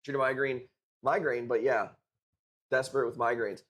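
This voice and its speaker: A man in his forties talks casually to his live-stream viewers while selling corals. His voice sits at an ordinary middle pitch, and his talk is relaxed, full of swearing and sprinkled with dude and bro. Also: normal speed. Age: 40s. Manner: laid-back, profane, peppered with dude and bro.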